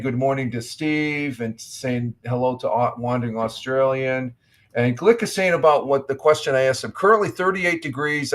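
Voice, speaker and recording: A middle-aged man hosts a relaxed morning livestream in an easy, rambling way. He greets viewers as he reads their chat messages aloud and often stumbles and restarts his sentences. His voice sits at an ordinary middle pitch for a man. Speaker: livestream host.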